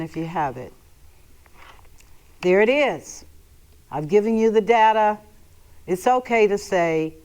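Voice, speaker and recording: A woman's voice: on the low side, a little mellow. A woman hosting a televised money seminar. She talks bluntly and with emphasis, straight to her viewers, and now and then breaks into theatrical emotional outbursts. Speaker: host giving a financial seminar. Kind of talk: televised financial lecture.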